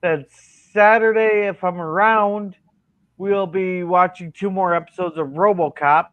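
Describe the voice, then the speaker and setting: A man's voice: high-pitched, fairly even intonation, a little slow, clear, resonant tone, no echo. Laid-back man on a dull lo-fi mic. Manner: laid-back, lists plans with fillers. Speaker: guest streamer, chat helper. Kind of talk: casual livestream chat. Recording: dull lo-fi microphone.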